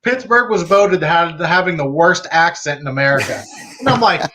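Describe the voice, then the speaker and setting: Western pa guy hosting a chat, jokey, trips on words, higher voice, bit of faint hiss. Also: expressive, moderate pace. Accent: Western Pennsylvania. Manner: chatty, jokey, stumbles over words. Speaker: podcast host. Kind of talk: casual conversation.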